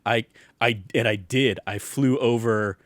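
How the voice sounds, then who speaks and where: A man's voice: medium pitch, steady tone, a little slow, no room sound. A young man co-hosting a podcast, chatting casually and rambling with many fillers and restarts. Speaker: podcast co-host. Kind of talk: casual chat.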